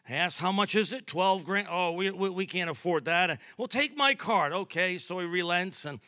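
High, bright-voiced male preacher. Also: normal speed, dry recording, clean studio sound. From New York. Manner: storytelling with acted-out dialogue, lively and humorous. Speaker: pastor. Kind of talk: sermon.

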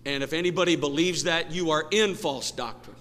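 A man preaching a sermon as pastor, impassioned and rising to shouts, in a church sanctuary. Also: on the high side, brisk. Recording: long church hall reverb, faint noise.

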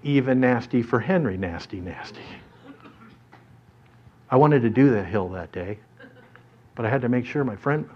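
A man preaching a sermon through an animated story in front of a congregation, dramatically shifting his voice as he tells it. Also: mid-range voice, normal speed, long pauses, a little hiss or hum. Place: church or hall with an audience. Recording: dull lo-fi recording.

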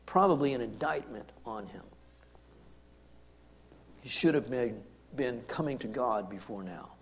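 A man preaching a sermon, commenting on scripture in an emphatic way that swings from hushed to forceful. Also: medium pitch, measured pace. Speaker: pastor.

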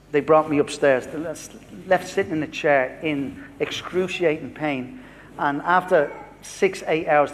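Storytelling pastor in an echoey hall. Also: male voice, a little high, slight background noise. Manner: storytelling, reenacting dialogue. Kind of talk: sermon with a personal story.

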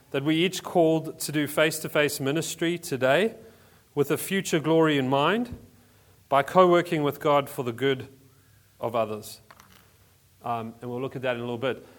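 A man from South Africa preaching a sermon as a pastor in a church, in a conversational way with frequent restarts. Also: on the high side. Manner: conversational, restarts often, many fillers.

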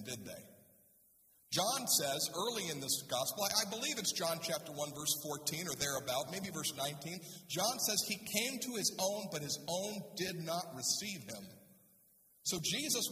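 A man's voice: high voice, pushed and bright. A male pastor preaching a sermon in a conversational way, reading scripture and asking the congregation rhetorical questions, in a church sanctuary. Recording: echoey hall, speaker far from mic.

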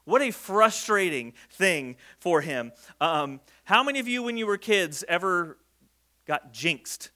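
Bright-voiced man preaching casually. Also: sits high, expressive, measured pace. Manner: conversational, jokey, acts out quoted speech. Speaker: pastor. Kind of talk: sermon.

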